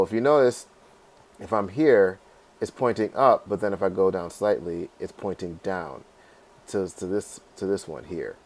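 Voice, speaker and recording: A man teaching a class how to add lyrics in notation software, talking casually with fillers and checking in with "right?". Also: lowish voice. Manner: casual, repeats "right?" and fillers, sings melody snippets. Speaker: music teacher. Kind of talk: screen-recorded software tutorial.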